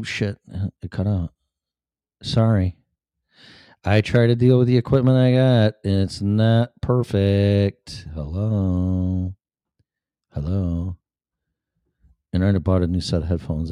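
A man hosts a casual podcast chat, rambling and swearing while distracted by fiddling with his audio gear. His voice is low and dark, with no echo.

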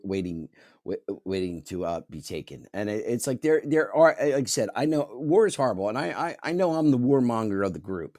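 Low-voiced argumentative male panelist. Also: no room sound, studio quality. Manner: forceful, argumentative, halting with restarts. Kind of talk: opinionated panel debate.

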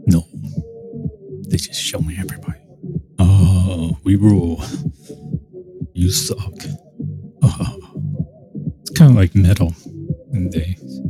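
A man talking in a rambling casual monologue, full of restarts and mocking quoted voices. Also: on the low side. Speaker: show host. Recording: music playing behind the voice.

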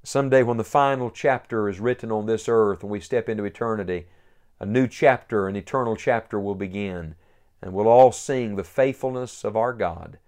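A man's voice: fairly low pitch, normal speed, a little mellow. A man preaching a sermon, earnest and building to emphatic peaks.

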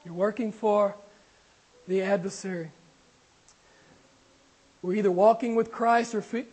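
A man's voice: sits high, steady tone, unhurried, long pauses, a little mellow, poor audio. A man preaching a sermon to his congregation, asking questions and talking with them, while losing his voice. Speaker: pastor.

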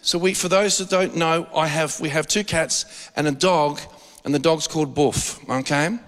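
A man giving a conversational sermon, telling lively, joking stories and acting out quotes. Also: a little high, moderate pace. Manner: animated storytelling with jokes and acted-out quotes. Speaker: preacher. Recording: long hall reverb.

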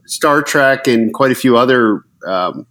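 A man's voice: medium pitch, animated, a little slow, a bit bright. Conversational male podcast host. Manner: conversational, with restarts and "I mean". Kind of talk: casual podcast interview.

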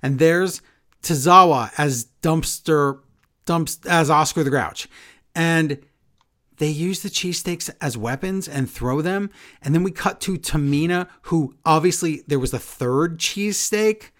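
A man casually chatting as a podcast co-host, recapping wrestling in an animated way and acting out quotes. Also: fairly high pitch, a little slow. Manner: animated recapping, acts out quotes in shifting voices. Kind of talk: casual chat.

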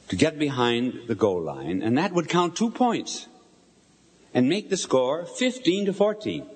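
Older male preacher, very expressive pitch, live sermon in a reverberant hall, chatty with the audience. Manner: animated storyteller, asks the audience questions. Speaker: bishop preaching.

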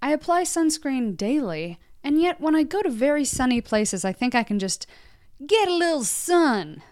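A woman's voice: high voice, expressive, normal speed, a little mellow, dry recording, clean studio sound. A woman chatting as a podcast guest in a casual, playful way, giggling and breaking into little sing-song bits. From United States. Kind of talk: casual chat. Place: recording studio.

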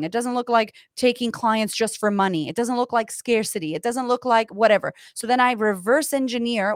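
A woman's voice: on the high side, dry recording, clean studio sound. A woman in her thirties, a coach and author of Puerto Rican heritage, chatting on a podcast in an emphatic, profane, motivational way. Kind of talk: casual podcast chat.

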